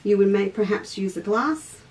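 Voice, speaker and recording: A woman's voice: mid-range voice, animated, moderate pace, far from the mic. Chatty Australian woman teaching sewing. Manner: chatty, stops mid-task to greet viewers by name. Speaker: craft teacher and shop host. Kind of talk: live sewing demonstration. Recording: voice a little off-mic, faint background noise.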